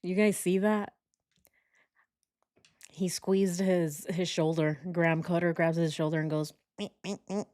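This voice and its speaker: A woman's voice: lowish voice, level tone, measured pace, pauses often, darkish tone. A woman chatting casually and joking as she comments on a true crime video, laughing often.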